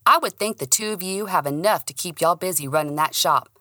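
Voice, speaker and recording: Woman doing a gruff cop guy, curt and threatening, a bit lower, bright clear tone, dry close mic. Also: a little fast, dry recording. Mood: stern. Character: stern, bullying male police detective.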